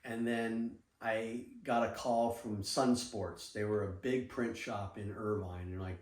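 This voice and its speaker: Animated storyteller man, lowish voice. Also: measured pace, few pauses. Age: middle-aged. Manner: animated, acts out quoted dialogue, swears freely. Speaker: podcast guest, surf apparel businessman. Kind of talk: casual storytelling interview. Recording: roomy sound from a distant mic.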